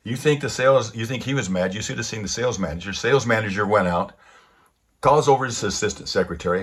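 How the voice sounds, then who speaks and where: A man tells stories from the pulpit in a low, husky voice. He is lively and animated, putting on voices for the people in his tales. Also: fast talker. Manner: animated storyteller who acts out the quotes. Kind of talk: storytelling sermon.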